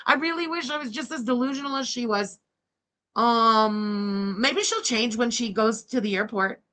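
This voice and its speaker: A woman in her forties hosting a livestream reaction, loud, mocking and swearing, yelling often. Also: a little high, moderate pace.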